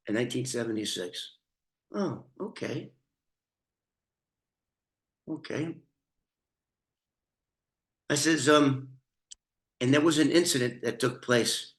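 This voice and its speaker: Profane, slow-talking man in an echoey room. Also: medium pitch, a bit bright. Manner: blunt and profane, with frequent restarts and throat-clearing. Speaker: storyteller recounting his own experience. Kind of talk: casual storytelling.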